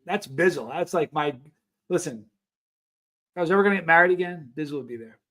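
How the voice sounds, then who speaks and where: A middle-aged man hosts a casual livestream, slightly higher-pitched than most men. He talks to his chat in an earnest, rambling way, restarting his sentences often. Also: lively intonation, a little fast, fairly bright tone. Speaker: livestream host. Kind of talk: casual chat reading live comments.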